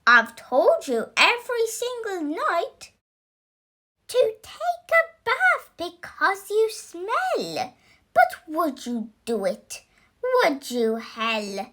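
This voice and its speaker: A woman's voice: extremely high pitch, huge pitch swings, very slow, sharp tone, pitched above the performer's own voice, full character voice. A woman voicing a furious mother who shrieks and scolds her son. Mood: scolding.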